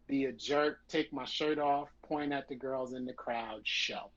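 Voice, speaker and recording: Husky animated storyteller, a man. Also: a little high. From New York. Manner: profane, acts out scenes with quoted voices. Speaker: guest. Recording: slightly muffled lo-fi audio.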